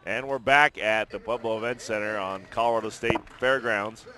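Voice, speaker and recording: A man calling play-by-play of a high school basketball game in brisk, chatty commentary from an arena booth. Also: steady tone. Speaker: play-by-play announcer.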